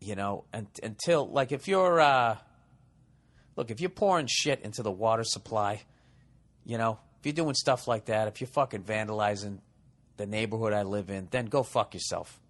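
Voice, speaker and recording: A man's voice: lowish voice, normal speed. A man hosting a podcast, reading listener letters and riffing on them in a rambling, profane, sarcastic way. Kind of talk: rambling comedic monologue.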